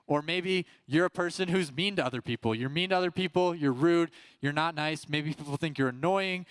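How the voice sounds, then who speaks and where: A man's voice: on the high side, fairly quick, few pauses, a bit bright, clear, resonant tone, no room sound. A young man, a youth pastor, preaching a casual youth sermon and telling the story loosely, acting out the voices of the people in it. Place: youth service room.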